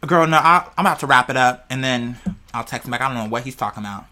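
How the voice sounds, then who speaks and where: Bright-voiced, profane, rambling stoned vlogger. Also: medium pitch, fast. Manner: rambling, playful, heavily profane, talks straight to viewers. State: high on cannabis. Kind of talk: casual rambling vlog monologue.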